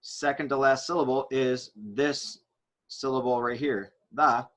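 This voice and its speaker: Man, teacher, grammar lesson, mid-pitched voice, patient step-by-step explaining. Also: a little slow. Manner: explains step by step, with frequent fillers and restarts. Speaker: Spanish teacher.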